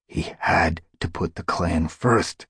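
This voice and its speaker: A man voicing a loyal, broad-shouldered tomcat who speaks in a low, reassuring way in a storybook reading. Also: slow, a bit bright, husky, no echo, studio quality, full character voice. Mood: steady.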